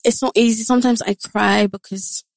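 A woman's voice: on the high side, steady tone, normal speed, creaky, no echo. A young woman guest on a podcast, talking candidly and earnestly about her daily life and quoting others in short exchanges. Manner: frank, earnest, quotes others in dialogue. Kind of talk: candid personal talk.

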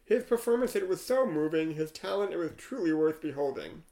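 A man co-hosting a casual podcast, reading a rhyming poem aloud in a dry, deadpan way. His voice sits a little high for a man, and he breaks off now and then for wry asides. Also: a little fast, gravelly, rough recording. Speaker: podcast co-host.

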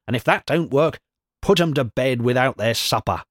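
A man's voice: medium pitch, animated, no echo, close to an everyday voice. A man voicing a cranky old wise woman in a storybook reading, piping and snappish. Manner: piping, snappish, slow and deliberate.

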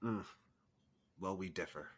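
A man's voice: sits low, measured pace. A man co-hosting a movie podcast, chatting casually in a giggly, playful way. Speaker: podcast co-host. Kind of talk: casual chat.

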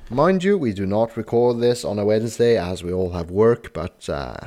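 A Norwegian man, a native Norwegian speaker, hosting and editing a casual podcast chat in English, explaining things slowly with many fillers. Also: fairly low pitch, expressive, dark tone. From Norway. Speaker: podcast host and editor.

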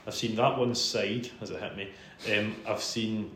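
A Scottish man tells a long personal story in a casual podcast chat. He is self-deprecating, laughs a lot, and sits a bit low in pitch. His voice rings in a roomy space over a faint hum. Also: steady tone, moderate pace, fairly bright tone. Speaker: podcast host interviewed as guest. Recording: roomy room sound with faint background hum.

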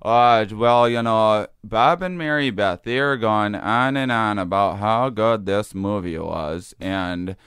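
A man's voice: lowish voice, slow pace, hardly any pauses, fairly bright tone, smooth, no room sound, studio quality. A man doing an impression of his chatty Midwestern mother with a Wisconsin accent. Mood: puzzled. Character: Midwestern mom chatting about a movie.

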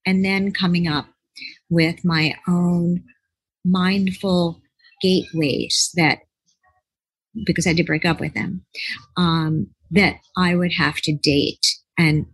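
Husky, low-pitched woman telling a rambling story. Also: slow pace, dry recording, poor audio. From United States. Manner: rambling, animated, acts out quoted voices. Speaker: author and relationship expert, podcast guest. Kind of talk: casual interview storytelling.

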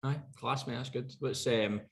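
A man's voice: medium pitch, steady tone, moderate pace, slight background noise. A man co-hosting a podcast, chatting casually and teasing his friend with banter. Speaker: podcast co-host. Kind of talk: casual chat.

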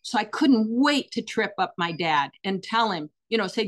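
A middle-aged woman, a guest telling personal stories in an interview, earnest and animated with frequent fillers. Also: mid-range voice, normal speed. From United States.

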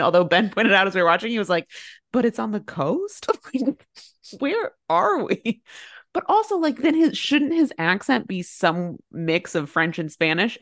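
A woman co-hosting a casual movie podcast chat, animated, laughing often and swearing freely. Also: mid-range voice. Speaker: podcast co-host.

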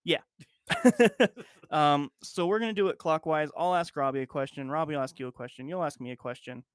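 A man co-hosting a podcast, running a trivia game in casual chat, animated and jokey, laughing often. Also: a little high, fairly quick, smooth, no room sound, clean studio sound.

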